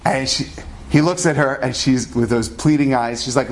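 A man's voice: steady tone, moderate pace. A man casually telling a true story, acting out the people in it with shifting voices. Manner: chatty, acts out dialogue with shifting pitch.

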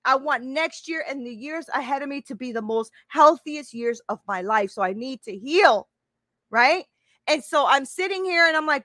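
A woman's voice: high voice, lively intonation, normal speed, pushed and bright, dry recording. A woman in her fifties, a life coach talking casually to a live-stream audience, emphatic and repeating her phrases, often checking in with "right?". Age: 50s.

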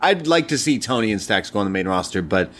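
Young dude rambling through a show recap, retells bits, laughs a lot. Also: male voice, lowish voice, very animated, fast, a bit bright. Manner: chatty, retells scenes with quoted voices, laughs often. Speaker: podcast co-host. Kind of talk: casual review chat.

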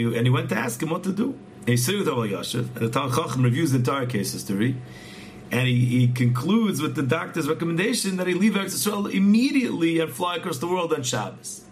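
A man's voice: a little high, a little hiss or hum. A man earnestly telling a religious story, often repeating words and restarting phrases as he goes. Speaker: storyteller teaching a religious tale.

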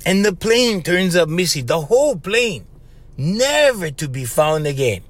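Lively high-voiced man riffing. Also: unhurried, dry recording. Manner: animated and conspiratorial, tags lines with "bro" and "right?". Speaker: podcast host. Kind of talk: casual rambling monologue.

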